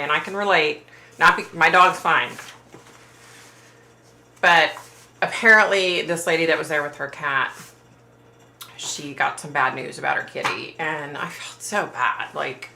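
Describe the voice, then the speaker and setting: A woman hosts a casual livestream from home, answering her viewers' chat. Her voice sits low but has a bright, forward edge. The sound is roomy and echoey, as if she's in a bare room. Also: creaky, slight background noise. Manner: chatty and sympathetic, trailing off with fillers. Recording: roomy echo.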